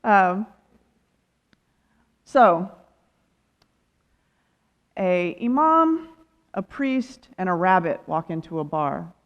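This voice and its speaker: A woman's voice: lowish voice, lively intonation, extremely slow, long pauses. A woman speaker giving a lighthearted sermon with personal stories, often laughing at herself. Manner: humorous, self-amused, laughs often. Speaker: guest speaker, ministerial student. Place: church sanctuary. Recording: dull sound in a long-reverb hall.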